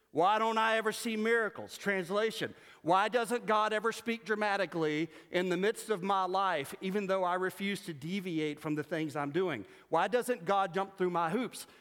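A man preaching a sermon as pastor, animated and humorous, mimicking voices to make his points. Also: high voice. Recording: long reverb of a church hall.

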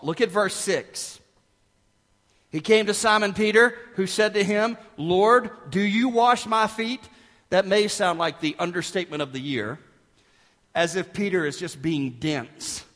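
A man preaching a sermon as pastor, emphatic and dramatic, dropping to hushed asides and rising again. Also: high voice, animated, unhurried, big-room sound.

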